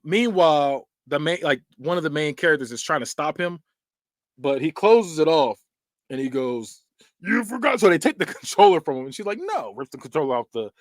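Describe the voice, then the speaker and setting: A man of mid-range pitch tells film scenes like a podcast host chatting with friends, loose and slangy. His voice sits dry and close to the mic, with no room sound around it. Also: no room sound. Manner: loose, slangy storytelling with acted-out quotes. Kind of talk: casual film recap and ranking.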